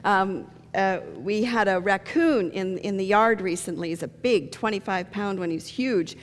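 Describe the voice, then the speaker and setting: This medium-pitched, unhurried woman is a middle-aged pastor telling stories and jokes during a sermon. It's recorded in a church sanctuary with a long church reverb.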